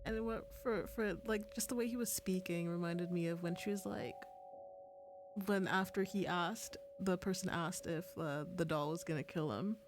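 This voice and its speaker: A woman's voice: on the low side, normal speed. Chatty woman streamer over game music. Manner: chatty, swears, laughs often. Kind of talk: casual gaming commentary.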